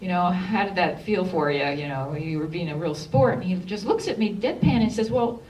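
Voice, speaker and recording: A woman screenwriter tells stories to an audience in a cinema, animated and quick to act out what others said. She sounds set back from the microphone, with a faint murmur of the room behind her. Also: on the low side, a little hiss or hum. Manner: animated storyteller, acts out quotes. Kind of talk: Q&A storytelling on stage. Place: cinema theatre. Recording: far from the mic.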